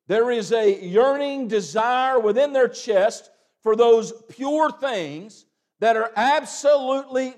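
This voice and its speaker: A young man preaching a sermon, breaking into loud calls between plain teaching and quick asides. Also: high-pitched.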